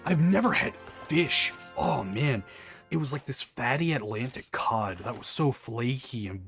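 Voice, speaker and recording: A man from the American South with a Southern accent, casually chatting while playing a game, rambling through animated asides. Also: mid-range voice, measured pace, faint music behind. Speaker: gameplay commentator. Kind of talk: casual gameplay chat.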